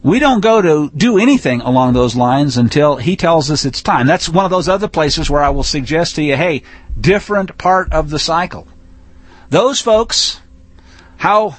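A man preaching a teaching sermon in a folksy, emphatic way, rising to forceful declarations. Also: fairly high pitch, lively intonation, moderate pace, no echo.

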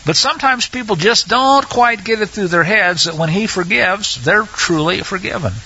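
Man, Bible teacher, bright husky voice, chatty and halting, dull lo-fi recording. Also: high-pitched. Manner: conversational, with halting fillers and restarts.

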